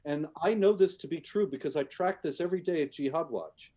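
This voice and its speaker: In a conversational argument, this male guest makes his case in a slightly high, dark-toned voice at a fairly quick pace. His delivery is emphatic, and he frequently starts over, repeating words as he restarts.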